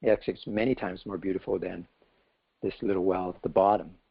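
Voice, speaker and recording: A man's voice: sits low, fairly even intonation, brisk, creaky, slightly rough, muffled recording, full character voice. A man voicing a wise male sparrow who patiently explains the wider world to a frog. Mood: explaining.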